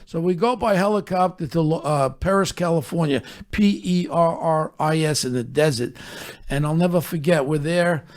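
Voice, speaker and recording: A man's voice: fairly high pitch, moderate pace. An older man telling stories in a blunt, profane, streetwise way. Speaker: storyteller on his own podcast. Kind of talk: casual storytelling.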